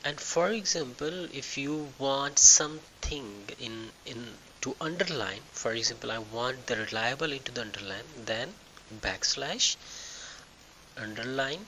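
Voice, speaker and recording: A man walking through a screen-recorded software tutorial, thinking aloud with halting restarts and fillers. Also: medium pitch, a little hiss or hum, rough recording. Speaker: tutorial instructor.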